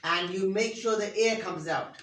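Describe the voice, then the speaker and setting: In an interactive lesson, the teacher patiently quizzes pupils and demonstrates each sound for them to say back. Her middle-pitched, somewhat bright voice runs at normal speed, recorded distantly in a large classroom with faint background hiss.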